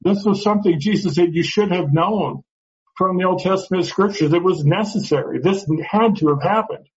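A man's voice: high voice, normal speed. A man teaching a Bible study class, earnest and explaining step by step, often repeating words as he goes. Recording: dull lo-fi sound.

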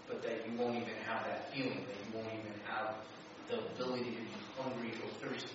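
A man in a Bible class thinking out loud during group discussion, with many fillers. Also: on the low side, level tone, fast talker, highs cut off, background noise. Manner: thinks aloud with restarts and fillers. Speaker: class participant. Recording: distant echoey room mic.

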